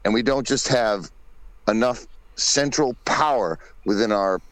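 A man's voice: medium pitch, measured pace, no echo, rough recording. A man co-hosting a podcast in casual chat, blunt, opinionated and profane. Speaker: podcast co-host.

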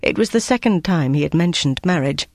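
Audiobook narrator reading a war thriller, steady and even, dry booth sound. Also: mid-range voice, brisk, no echo. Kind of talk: scripted narration.

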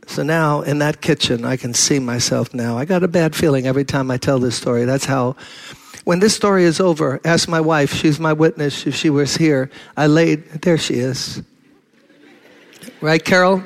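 An older man with a fairly high, creaky voice preaches a sermon at normal speed. As a pastor, he tells a story animatedly, acting out the dialogue and building to fervent intensity.

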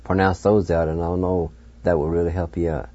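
A man hosting a radio language lesson, patiently spelling out words letter by letter and pronouncing each one slowly. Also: sits low, level tone, warm tone, no echo, lo-fi sound. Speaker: radio language teacher and host.

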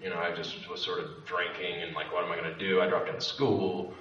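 A young man with a fairly low voice tells a candid, rambling story to a live audience, swearing freely and cutting himself off mid-sentence. He sounds far from the mic in a roomy space. The lo-fi recording has faint background noise. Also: flat delivery, fairly quick, a bit bright. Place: event room with an audience.

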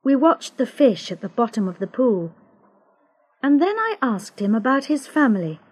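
A woman reading a storybook aloud, slow and careful, giving each character a voice. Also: a little high, very animated, a little mellow, slightly rough. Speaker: narrator. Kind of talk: scripted storybook narration.

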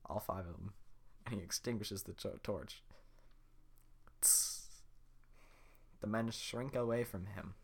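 A man's voice: on the low side, slow, creaky, long pauses, breathy edge. A man casually retelling a film scene by scene, rambling and interrupting himself as he narrates. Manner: rambling, self-interrupting with fillers.

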